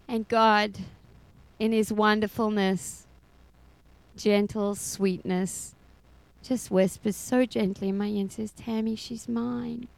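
A woman's voice: medium pitch, low-quality recording. A middle-aged woman giving a personal faith testimony as a foster mother, telling her story expressively and laughing often.

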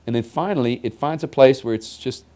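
A man preaches in a loose, conversational way, with a voice of ordinary pitch for a man. He circles back over his own phrases and breaks off for quick jokes with the congregation. The talk is recorded inside a church building. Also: dark tone. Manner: chatty, repeats phrases, joking asides to the congregation. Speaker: pastor. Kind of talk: conversational sermon.

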